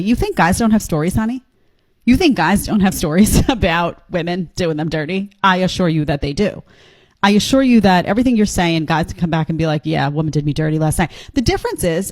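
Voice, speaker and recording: A woman's voice: lowish voice, darkish tone, dry recording. A woman hosting a reaction video, giving blunt, sarcastic commentary on clips she plays.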